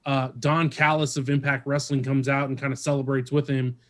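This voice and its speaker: A man hosting a casual podcast chat. He rambles with many ums and uhs and grows lively when something excites him. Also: medium pitch, brisk.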